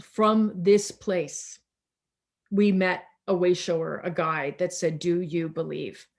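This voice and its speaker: A woman minister preaching slowly and reflectively over a video call, pausing and restarting often, tired as she speaks. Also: fairly low pitch. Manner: slow, reflective, with many restarts and pauses.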